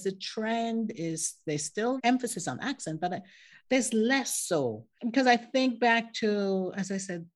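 A woman's voice: medium pitch, expressive, measured pace. An older woman who grew up in the Caribbean, speaking reflectively as a podcast guest and laughing easily. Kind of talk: conversational interview.

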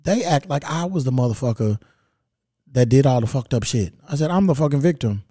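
A man's voice: medium pitch, animated, brisk, dark tone, dry recording, studio quality. A man from Kentucky hosting a podcast, telling a story in a blunt, profane, rambling way. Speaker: podcast host. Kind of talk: casual storytelling monologue.

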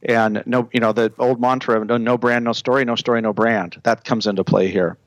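A man's voice: medium pitch, fairly even intonation, a little fast, dry recording, dull audio. Brief: male consultant guest, casual podcast, confident, lays out points in order, dry close mic. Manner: confident, explains in lists.

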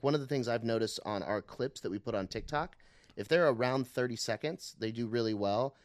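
A man's voice: on the low side, no room sound. A man co-hosting a comedy podcast in casual chat, laughing often and acting out quotes of others. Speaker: podcast co-host.

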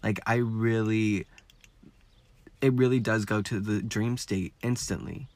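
A man's voice: fairly low pitch, fairly even intonation, unhurried, darkish tone, no echo. A man hosting a podcast, talking frankly in a casual, rambling way with lots of swearing. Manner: frank and heavily profane; rambling with many fillers. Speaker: podcast host.

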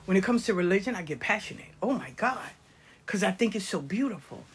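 She speaks fairly quickly in a husky, expressive, mid-range voice. The older woman, who has nine grandkids, tells casual stories about life lessons with passion, often lowering her voice to a whisper.

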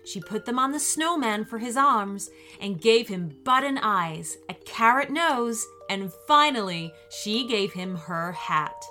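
A woman narrating a children's bedtime story in a soothing, expressive way. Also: fairly high pitch, a little slow, few pauses, faint music behind.

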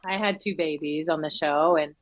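A woman, an actress guest, chatting in an interview and acting out quotes with big jumps in her voice. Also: moderate pace. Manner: animated, acts out quotes with big pitch jumps. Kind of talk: casual interview chat.

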